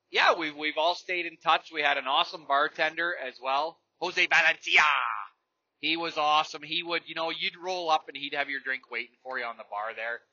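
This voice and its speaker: Fairly high-pitched, bright and forceful, this man hosts a podcast where he rambles through casual stories and blunt, profane rants. There's no echo; the lo-fi recording is dry and a little dull.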